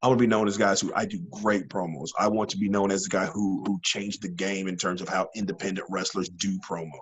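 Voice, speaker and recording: A man being interviewed as a wrestling guest, an animated storyteller who rambles with many fillers and restarts. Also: low-pitched, quick pace, breathy edge, poor audio. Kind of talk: casual interview chat.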